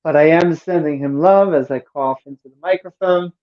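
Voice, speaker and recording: Woman podcast co-host: playful and teasing, with sudden squeaky outbursts and a muffled lo-fi sound. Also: normal speed. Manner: playful, jokey, bursts into silly high squeals. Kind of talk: casual podcast chat. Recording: dull lo-fi audio.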